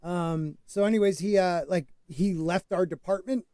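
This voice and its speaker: A man co-hosting a podcast, joking loudly and telling a rambling story in casual banter. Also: high voice, normal speed, dry recording, studio quality. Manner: joking, loud, swings into mock voices. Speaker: podcast co-host.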